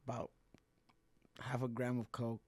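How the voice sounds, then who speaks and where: A young man talks openly about his past as a podcast guest, in a voice of middling pitch. He swears freely, switches between English and mid-sentence, and keeps his telling lively. The sound is dry and close, with no room around it. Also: unhurried, no echo. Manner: mixes English and Spanish, swears freely, animated. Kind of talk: casual candid storytelling.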